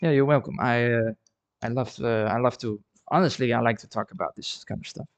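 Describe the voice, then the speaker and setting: A man's voice: mid-range voice, brisk. A chatty man from the Netherlands, talking casually on a live stream from his art studio and often repeating words as he thinks. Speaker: ceramic artist streaming live. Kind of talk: casual livestream chat.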